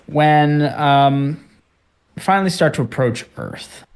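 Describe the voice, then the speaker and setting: A man's voice: fairly high pitch, expressive, slow. Rambling male game master. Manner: rambling, many fillers and restarts. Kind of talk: narrating a tabletop game over a call.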